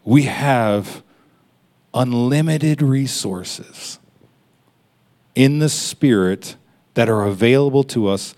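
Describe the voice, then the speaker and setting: A man preaching in a conversational, personal way, stopping for quick laughs and honest asides as he addresses his listeners. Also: medium pitch, darkish tone. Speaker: pastor. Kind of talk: sermon.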